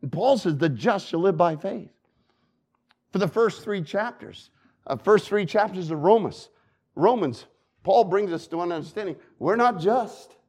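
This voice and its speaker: A male preacher with a high voice that leaps all over the place as he delivers his sermon. He swings between booming lines and hushed ones. He repeats key phrases again and again to drive them home. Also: animated, normal speed.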